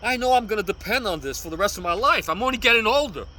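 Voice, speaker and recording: A bright, fairly high-voiced man in his sixties from New York talks earnestly, repeating himself and pleading with his viewers. He records outside on a city street, and faint traffic sounds hum behind him. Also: animated, fast, low-quality recording. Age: 60s. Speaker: vlogger teaching cane self-defense. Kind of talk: casual outdoor vlog.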